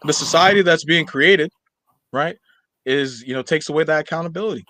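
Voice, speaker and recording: In casual podcast chat, the young co-host from a Nigerian household talks fairly quickly and animatedly, rambling with frequent fillers. His voice is on the high side, bright and forceful, with no echo.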